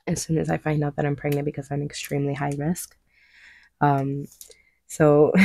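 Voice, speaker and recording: A woman's voice: sits low, vocal fry, darkish tone, no room sound. A young woman chatting casually while she paints, rambling, with lots of fillers and little laughs. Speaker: craft vlogger.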